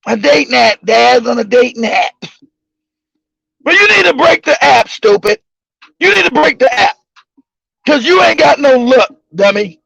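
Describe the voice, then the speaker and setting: A man's voice: extremely high pitch, big pitch swings, a little slow, gravelly, pauses often, a bit bright, breathy edge, dry recording. A male show host telling stories casually, profane and mocking, laughing often. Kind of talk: casual comedic storytelling. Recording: dull lo-fi recording.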